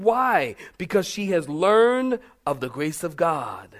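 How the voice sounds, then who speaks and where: A middle-aged man preaching a sermon, animated and humorous, calling out to his congregation. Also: high voice, unhurried, few pauses. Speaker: pastor.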